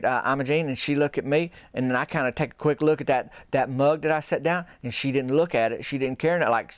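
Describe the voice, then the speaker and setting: A man telling a rambling comic story in a slow, folksy, deadpan way. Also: medium pitch, clean tone, no echo. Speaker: comedian storyteller.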